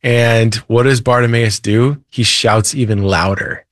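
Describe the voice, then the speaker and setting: A man's voice: mid-range voice, fairly even intonation, measured pace, dry recording, clean studio sound. A man, a Christian author and preacher, earnestly retelling a Bible story as a guest in a faith interview. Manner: earnest, retells scripture with feeling.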